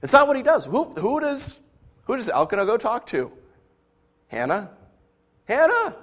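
Male pastor, sermon, high voice, very animated delivery, loud to soft swings. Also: a little fast.

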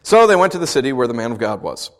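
A man's voice: medium pitch, very animated, racing. A man preaching as pastor, reading scripture and then explaining it in a conversational way, full of rhetorical questions.

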